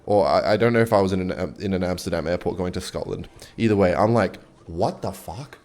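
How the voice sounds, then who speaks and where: A man's voice: low voice, fast, darkish tone. A young man giving casual, rambling gameplay commentary and swearing freely as he chats. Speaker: gaming video host.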